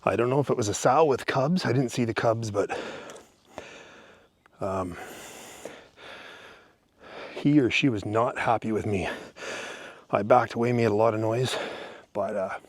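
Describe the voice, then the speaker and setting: Brief: breathless male hiker vlogging outdoors, low and husky, blunt and rattled, close and dry. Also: a little slow, long pauses, dry recording. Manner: shaken, blunt, a bit profane. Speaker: vlogger hiking alone. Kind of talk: casual video diary. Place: outdoors on a mountain trail.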